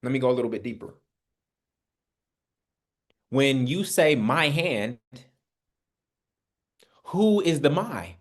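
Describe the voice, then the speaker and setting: Guy teaching bible study, chatty preacher style, keeps asking questions, mid-pitched voice. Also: animated, slow pace, pauses often. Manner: conversational preaching, addresses listeners as family, rhetorical questions. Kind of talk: spiritual teaching. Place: online Bible study session.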